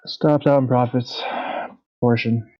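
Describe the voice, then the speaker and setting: A man trading live on a stream, excitable and enthusiastic as the market moves. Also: mid-range voice, slow. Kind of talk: casual live trading chat. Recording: dull lo-fi stream audio.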